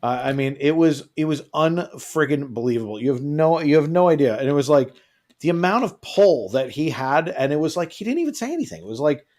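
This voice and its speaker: A man chatting on a live travel stream, and his voice runs a little high. He swings widely in pitch as he spins stories and mimics the people in them. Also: brisk. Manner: animated storytelling, acts out quotes. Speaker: co-host of a travel show. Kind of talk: casual livestream chat.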